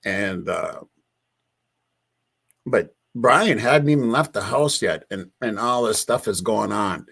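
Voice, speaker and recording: A man's voice: on the low side, expressive, slow, vocal fry, a bit bright, breathy edge. A man commenting in a casual rant, exasperated, repeating himself and swearing. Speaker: true crime commentator.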